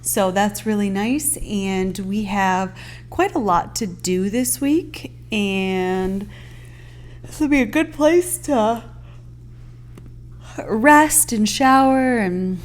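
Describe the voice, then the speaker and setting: A woman's voice: mid-range voice, slow pace. A woman co-hosting a casual podcast from a house-sit, chatty and teasing, with lots of fillers. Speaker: podcast co-host.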